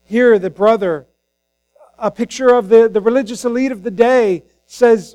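A high-pitched man preaches with passion to a church congregation, giving the figures in his scripture reading voices of their own. His voice sounds dry and close, with faint music behind him. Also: normal speed, dark tone, no echo, low-quality recording. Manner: impassioned, acts out the scripture voices. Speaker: pastor. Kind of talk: sermon.

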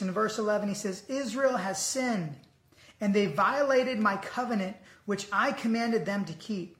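A preacher giving an earnest sermon, reading scripture aloud slowly and deliberately. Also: medium pitch, a bit bright, echoey room.

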